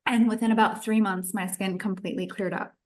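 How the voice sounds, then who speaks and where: A woman's voice: mid-range voice, fairly even intonation, fairly quick, a little mellow. A woman in her thirties, a nutritionist guest on a podcast, telling her own story in a chatty way and acting out her past thoughts.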